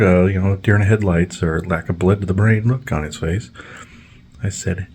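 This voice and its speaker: A man's voice: deep voice, normal speed, a little mellow, slight background noise. A man hosting a podcast, telling long, rambling stories in a blunt, profane way, full of fillers. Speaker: podcast host. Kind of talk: casual storytelling on a podcast.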